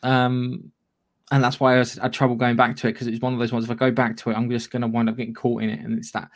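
A man's voice: mid-range voice, monotone, fast. A man co-hosting a casual gaming news podcast, chatty and rambling, with casual swearing. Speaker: podcast co-host.

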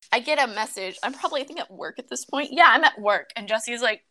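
Bright-voiced woman ranting animatedly. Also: fairly high pitch, fast talker, few pauses. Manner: animated, exasperated ranting with swearing. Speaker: podcast co-host. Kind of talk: casual chat among friends about a mobile game.

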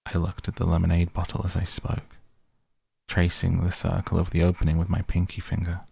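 A man reading a novel aloud in first person, slow, even and deliberate. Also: low voice, creaky, husky, no echo, studio quality. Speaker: audiobook reader.

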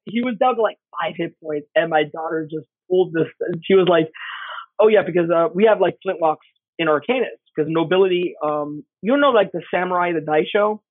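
A man's voice: sits high, a little fast, no room sound. A middle-aged man, a game designer guest, telling stories in casual chat and acting out the voices in them. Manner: animated, acts out voices in anecdotes. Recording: husky voice over tinny phone line, dry.

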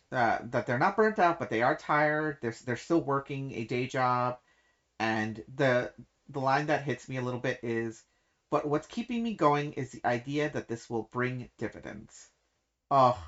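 A woman co-hosting a casual book discussion podcast, talking in animated, quick bursts and laughing often. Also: extremely low pitch. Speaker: podcast co-host. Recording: dull lo-fi sound.

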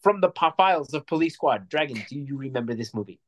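A man's voice: mid-range voice, expressive, fast talker. Rambling, jokey male podcast co-host. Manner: rambling, jokey, restarts often. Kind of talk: casual movie review chat.

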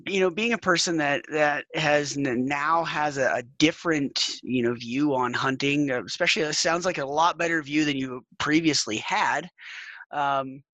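A man hosting a podcast, friendly and halting, restarting his sentences often. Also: on the high side, bright, forceful tone, no echo, lo-fi sound. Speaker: podcast host. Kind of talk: casual interview chat.

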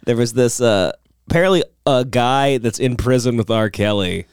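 A man's voice: mid-range voice, moderate pace, clear, resonant tone, no echo, clean studio sound. A man hosting a casual comedy chat, laughing often and riffing in silly voices. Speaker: podcast host.

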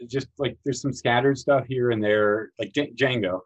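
A man chats about films on a podcast, rambling and full of restarts. His voice sits at a middle pitch, and he bursts into raised, excited voices when he quotes scenes. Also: normal speed, muffled recording. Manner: rambling, animated, acts out movie lines in high voices. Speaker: podcast host. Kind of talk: casual film discussion.

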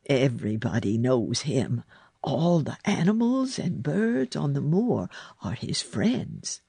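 A gruff old gardener in a storybook, stern and plain-spoken, his words drawn out slowly, as a woman reads him. The voice has a gravelly, husky edge and sounds close and dry. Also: very deep voice, big pitch swings, warm tone, no echo, full character voice. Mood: kindly. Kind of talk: storybook reading.

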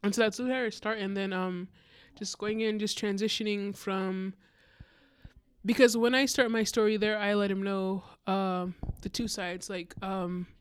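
Woman guest, casual storyteller, clear dry close-mic sound, animated with quoted dialogue. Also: medium pitch, measured pace, no echo. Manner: animated, acts out quotes with many fillers. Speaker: guest speaker.

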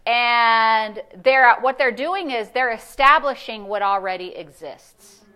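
A woman pastor preaching a sermon, animated and conversational, asking the congregation questions. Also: fairly high pitch, slow, clean tone. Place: church service.

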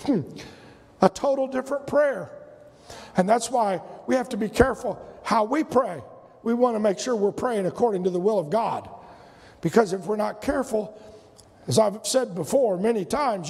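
A male preacher delivering a sermon with a strikingly high, gravelly voice. He is animated, swinging into loud emphatic shouts and mimicking whiny pleas. His words ring out with the long reverb of a large church hall. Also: normal speed. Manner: acts out whiny prayers in a mocking voice.

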